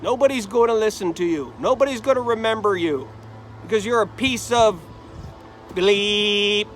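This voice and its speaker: A man's voice: high-pitched, normal speed, fairly bright tone, soft background music. A man voicing a scornful male accuser who berates a suffering man in an emphatic, accusing way.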